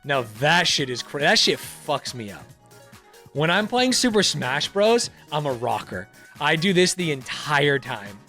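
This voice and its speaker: A man's voice: a little high, unhurried, faint music behind. A young man who makes online videos, reading quiz questions aloud in casual commentary, swearing freely and laughing often. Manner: animated, profane, laughs often. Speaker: YouTuber.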